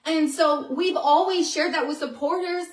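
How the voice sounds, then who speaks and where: A woman talking casually to her viewers in a vlog, chatty and excitable, full of "you know" and "like". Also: sits high, normal speed, echoey room, poor audio. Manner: excitable storyteller who acts out quotes. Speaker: vlogger.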